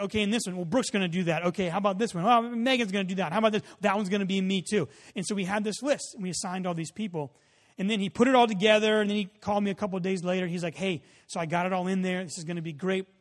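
Male pastor, high voice, storytelling sermon with acted dialogue, long reverb.

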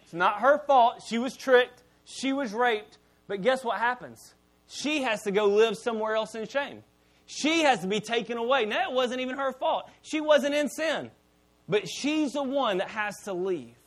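A middle-aged man preaching a sermon in a conversational, candid way, with self-deprecating asides and quiet drops for emphasis. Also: very high voice, lively intonation, normal speed. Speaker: pastor.

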